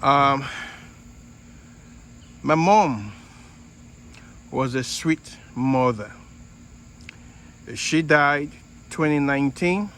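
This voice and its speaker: Slow-talking Nigerian man. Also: medium pitch, fairly bright tone, a little hiss or hum, low-quality recording. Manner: unhurried, halting with fillers. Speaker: fig grower and channel host. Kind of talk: casual garden vlog.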